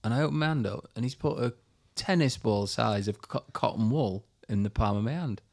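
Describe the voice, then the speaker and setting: A man, a golfer guest telling lively anecdotes on a podcast. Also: mid-range voice, a little fast, creaky. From England. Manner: animated anecdotes, acts out voices. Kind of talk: storytelling interview.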